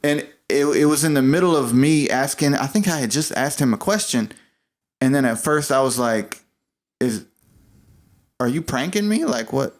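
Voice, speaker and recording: A man's voice: medium pitch, normal speed. A man co-hosting a podcast, joking around and telling a work story in casual slang. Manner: animated, joking, says "bro" and "yo". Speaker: podcast co-host. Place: new apartment room.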